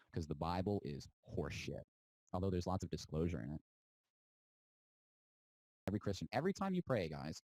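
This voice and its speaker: A low-voiced man holds forth in a defiant, preachy monologue, mocking his listeners and stretching words out for emphasis. The recording is dry and close, with no room around him. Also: warm tone, dry recording, rough recording. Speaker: spiritual podcast host. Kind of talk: impassioned monologue.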